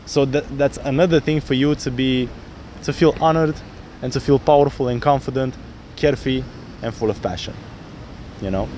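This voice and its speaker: A man's voice: medium pitch, normal speed, slight background noise. A man coaching a student on a city street, explaining how to approach women and acting out his lines. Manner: animated, acts out pickup lines in different voices. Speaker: dating coach. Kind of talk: outdoor coaching talk.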